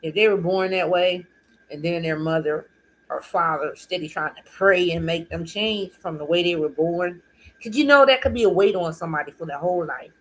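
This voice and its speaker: A woman's voice: on the low side, normal speed, a little hiss or hum, low-quality recording. Earnest woman telling a personal story. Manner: earnest, heartfelt, repetitive phrasing. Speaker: vlog host. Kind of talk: personal testimony monologue.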